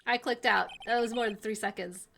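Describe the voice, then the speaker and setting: A woman streaming a game, commenting in an excitable, exclaiming way. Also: on the high side, fairly quick, vocal fry, a little hiss or hum. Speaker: gaming streamer. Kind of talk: let's play commentary.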